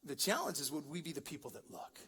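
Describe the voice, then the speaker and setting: A pastor with a slightly high, husky, a bit bright voice talks fast in a sing-song way. He preaches a joking, conversational sermon in a big church hall with long reverb, working up to emphatic peaks.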